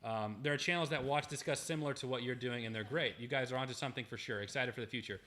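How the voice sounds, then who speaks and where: A man's voice: medium pitch, quick pace, bright, forceful tone. A young man hosting a casual livestream, gratefully reading viewer messages aloud with frequent restarts. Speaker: livestream host.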